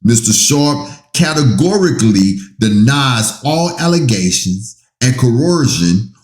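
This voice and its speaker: A man reading out documents and adding his own comments, slow and emphatic, breaking into exasperated asides. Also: medium pitch, very animated, a little mellow, reverberant. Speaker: commentator reading a legal statement.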